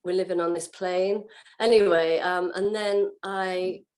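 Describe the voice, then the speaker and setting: A woman's voice: fairly low pitch, a little slow. Woman telling her story animatedly. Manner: animated, acts out what she said and felt. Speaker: guest sharing her testimony. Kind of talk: casual personal storytelling.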